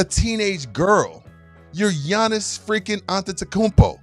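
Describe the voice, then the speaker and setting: Animated ranting man, swooping pitch. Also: normal speed, faint music behind. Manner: incredulous, mocking, profane, rhetorical questions. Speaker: sports podcast co-host. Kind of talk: animated rant, casual chat.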